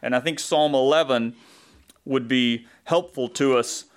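A man's voice: mid-range voice, unhurried, clean tone. A man with a Southern US accent, a pastor preaching a conversational sermon, thinking aloud with asides and self-corrections.

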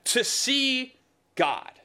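A man preaching a sermon in a conversational, emphatic way, dropping suddenly to soft, low asides. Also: sing-song, drawn-out words.

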